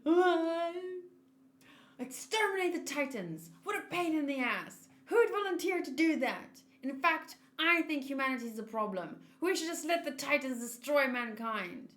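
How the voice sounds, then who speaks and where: A woman's voice: sits high, animated, measured pace, voice pushed up. A woman voicing a furious, defiant young woman who is fed up and scornful. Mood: fierce. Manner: scornful, shouting. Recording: roomy echo.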